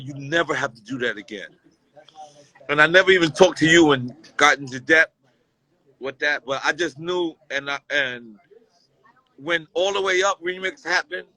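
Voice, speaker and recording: A man talks as a guest on a conversation show and tells a personal story with plain emotion, circling back over the same phrases. His voice sits a little high and sounds bright and forward. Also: dry recording, poor audio. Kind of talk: casual heartfelt conversation.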